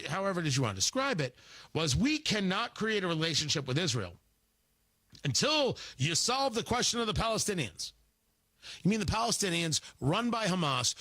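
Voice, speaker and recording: A male radio talk show host giving political commentary, animated and sarcastic, acting out mocking voices. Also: sits high, no room sound.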